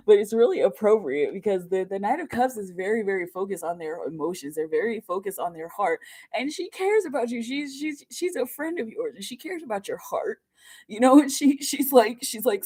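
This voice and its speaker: Giggly animated woman reading tarot. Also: mid-range voice. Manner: giggly and animated, lots of fillers. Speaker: tarot reader. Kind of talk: casual live tarot reading.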